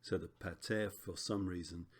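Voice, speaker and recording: A man teaching a recorded Greek lesson, relaxed and chatty with frequent ums and self-corrections. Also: sits low, normal speed, a little hiss or hum.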